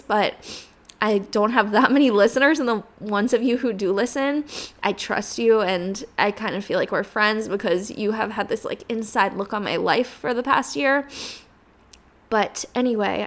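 A woman in her twenties hosting her own podcast, talking earnestly in a rambling way and sounding close to tears. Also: mid-range voice. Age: 20s. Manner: earnest, rambling, uses "like" and "literally" often. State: emotional, near tears. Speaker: podcast host. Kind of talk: solo podcast monologue.

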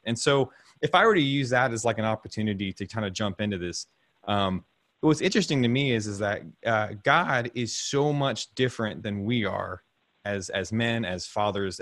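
Guy in his 30s on a call, lowish voice, dry sound, keeps repeating himself and chuckling. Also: fairly bright tone, dry recording. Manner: rambling, repeats words, chuckles often. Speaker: podcast host. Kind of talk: casual faith talk over a video call. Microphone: video call.

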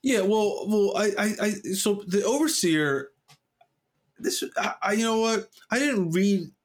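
A man's voice: sits high, a little slow. A man co-hosting a podcast in casual chat, rambling with many fillers and restarts, and acting out quoted lines. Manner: animated, acts out quoted voices. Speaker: podcast co-host.

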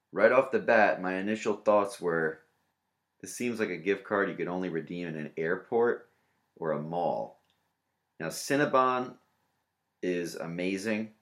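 Very deep-voiced man hosting a podcast. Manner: crude, rambling storytelling with sarcastic asides. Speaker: podcast host. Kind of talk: casual comedic monologue.

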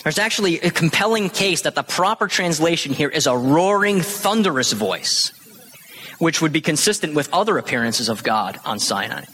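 A man's voice: fairly high pitch, animated, moderate pace, pushed and bright, husky. A man in his thirties preaching a sermon, teaching with animation and acting out the quoted lines. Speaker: pastor. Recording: long hall reverb.

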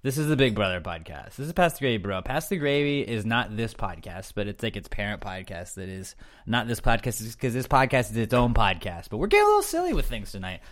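A man's voice: on the low side, animated, fairly quick, fairly bright tone. A young man hosting a podcast, recapping in a loose, joking, rambling chat full of fillers. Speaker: podcast host.

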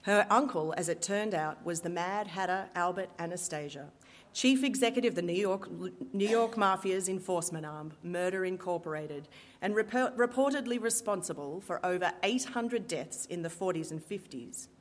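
Wry woman storyteller in a reverberant hall. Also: on the low side. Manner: lively, wry, dramatic pauses. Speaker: storyteller and stage performer. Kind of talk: live storytelling.

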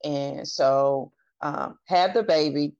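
A woman's voice: deep voice, slow pace, darkish tone. A woman guest on a podcast, candidly telling her personal story and acting out what others said in her own voice. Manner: earnest, candid, retells dialogue in her own voice. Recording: dull lo-fi audio.

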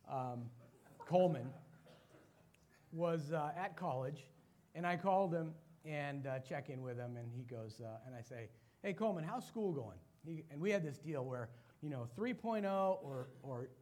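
A middle-aged man giving a sermon-style talk, telling personal stories and acting out what others said. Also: on the high side. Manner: animated storyteller acting out quoted voices. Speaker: business owner giving a talk.

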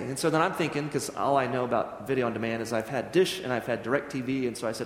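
Animated preacher in an echoey hall. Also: male voice, medium pitch, fast talker, hardly any pauses. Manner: animated storyteller, acts out dialogue. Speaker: Presbyterian minister. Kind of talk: sermon storytelling. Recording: echoey church hall with long reverb.

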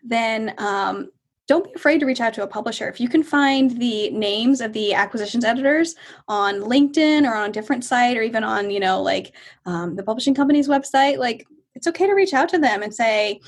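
A woman author chats as an interview guest. Her voice is high and airy, a little breathy. She talks casually and laughs a lot, acting out other people's lines with lively asides. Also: fairly quick.

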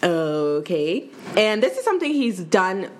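A young woman co-hosting a casual podcast, telling a story in a measured way with frequent pauses and ums. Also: fairly low pitch, expressive, a bit bright, a little hiss or hum. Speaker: podcast co-host.

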